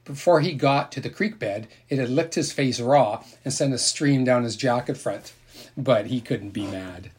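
Man, audiobook narrator, husky, middle pitch, steady gentle storytelling. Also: normal speed. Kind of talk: audiobook reading.

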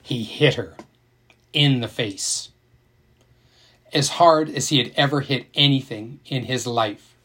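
Male narrator with a mid-range voice, audiobook style, expressive and emotionally engaged. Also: medium pitch, measured pace, long pauses.

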